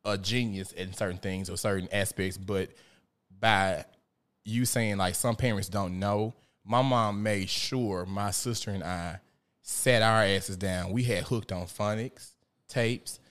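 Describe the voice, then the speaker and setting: A man hosting a casual talk show, telling lively stories, swearing and laughing often. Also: on the low side, a little slow. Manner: animated storyteller, profane, laughs often. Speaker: podcast host. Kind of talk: casual conversation.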